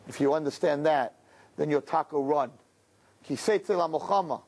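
A man preaching a sermon, telling a story with passion and building up to shouting. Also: on the high side, moderate pace.

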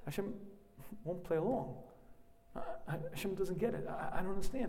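A man's voice: high-pitched, a little fast, slight background noise. Man preaching in an echoing hall. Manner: animated storytelling, throat-clearing. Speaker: rabbi. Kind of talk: sermon.

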